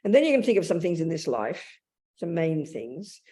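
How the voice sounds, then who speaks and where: Low-pitched and mellow, a woman in her seventies talks at a normal speed with a very animated delivery. She is a Buddhist nun teaching the dharma in a plain-spoken, blunt manner, frequently starting sentences over and voicing inner speech as if performing it.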